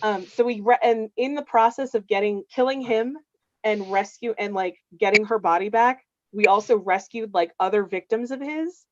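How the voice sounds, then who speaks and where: A woman's voice: mid-range voice, normal speed, muffled recording, background noise. A woman chatting casually on a video call, telling long game stories full of fillers. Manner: rambling, filler-heavy storytelling. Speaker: game master staff member. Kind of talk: casual chat on a livestream.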